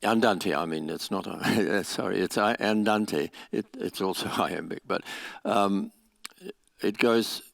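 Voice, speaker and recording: A man lectures at an academic conference, explaining carefully and sometimes restarting his sentences. His voice sits fairly low. The sound is dry, with no room echo. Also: takes it slowly, vocal fry. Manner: explanatory, with restarts and small laughs. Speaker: conference speaker. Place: lecture venue.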